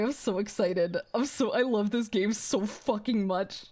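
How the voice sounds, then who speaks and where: Excitable woman streamer with animated voice. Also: mid-range voice, normal speed, hardly any pauses, slight background noise. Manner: excitable, swearing, gasping and laughing. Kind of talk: gaming stream, reading a visual novel aloud.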